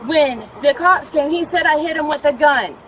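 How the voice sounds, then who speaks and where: A woman's voice: sits high, a bit bright, poor audio. A woman outdoors giving an agitated, repetitive, profane account of a domestic dispute to a deputy. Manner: agitated, repetitive, profane, rushing over interruptions. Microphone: officer's body camera. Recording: body camera audio with outdoor noise.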